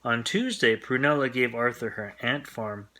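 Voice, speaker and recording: A man reads a bedtime picture book aloud with a gentle, friendly manner. His voice has a bright, forward edge. He sits at an ordinary middle pitch. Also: normal speed. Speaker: storyteller. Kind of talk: bedtime story read-aloud.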